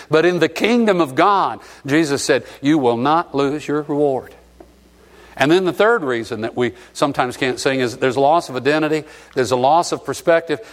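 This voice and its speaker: A middle-aged man from Alabama preaching a sermon, sentimental and emotional as he tells stories. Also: on the high side. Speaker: pastor.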